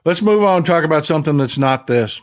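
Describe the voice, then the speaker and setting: A man's voice: on the high side, lively intonation, fast talker. A man hosting a live news commentary stream, bluntly reacting to viewer comments, emotional and swearing at times. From Texas. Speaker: livestream news commentary host.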